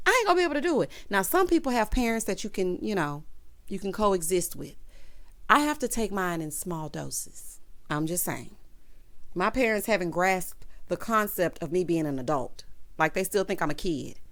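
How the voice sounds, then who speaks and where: A woman recapping a TV episode in a casual chat, animated and sassy, talking straight to her viewers with chatty asides. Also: fairly low pitch, normal speed. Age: adult with a child. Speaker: TV recap reviewer.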